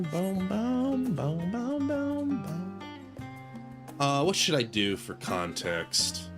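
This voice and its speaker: A male game streamer chatting loosely to his viewers, his voice rising and falling a lot as he rambles. He keeps correcting himself mid-sentence and talking straight to chat. Faint guitar music plays under him. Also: mid-range voice. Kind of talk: casual gaming stream chat.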